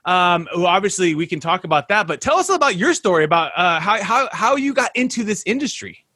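A man's voice: high-pitched, very animated, brisk, pushed and bright, dry recording, clean studio sound. A man hosting a podcast interview over a video call, hyped and talking straight to his listeners. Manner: hyped, talks up the audience as folks. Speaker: podcast host.

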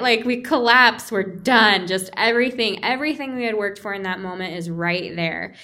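A woman's voice: medium pitch, moderate pace, few pauses. Woman co-host, chatty storyteller, acts out quoted voices. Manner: animated, acts out quoted voices, frequent "like" fillers. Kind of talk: casual storytelling conversation.

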